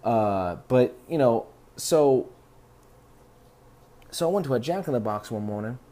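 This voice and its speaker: A man's voice: mid-range voice, expressive, measured pace, mellow, slight background noise. Dude rambling on his podcast, swears a lot, laid-back storytelling. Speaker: podcast host. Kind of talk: casual rambling monologue.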